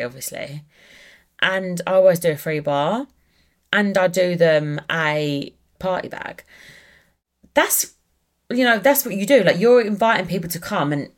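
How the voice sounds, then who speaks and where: A woman hosting a podcast, chatting casually and animatedly, restarting sentences and exclaiming as she goes. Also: fairly low pitch. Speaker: podcast host. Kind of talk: casual chat.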